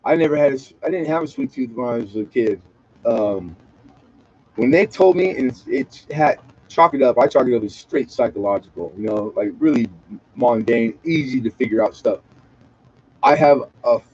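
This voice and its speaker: A man's voice: mid-range voice, dark tone, slightly rough, no room sound. Rambling, profane man on a lo-fi stream. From Southern California. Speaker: livestream host. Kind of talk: casual late-night livestream chat.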